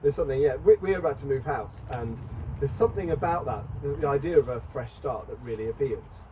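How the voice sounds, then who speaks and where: A man's voice: mid-range voice, expressive, a little fast, dark tone. Middle-aged male preacher, chatty conversational sermon, mic at a distance, faint noise. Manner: chatty, asks the congregation questions. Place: church.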